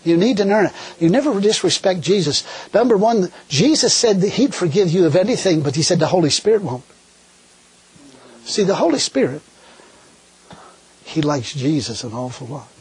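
A man preaching a sermon in a folksy, animated way, full of rhetorical questions. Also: sits high, moderate pace, husky.

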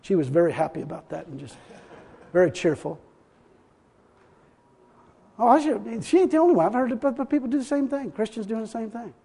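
A male pastor with a high-pitched voice preaches a folksy, emphatic sermon, chuckling between points, his voice ringing with long reverb as though miked in a church hall. He sounds animated and brisk yet mellow, with vocal fry, a breathy edge, and long pauses.

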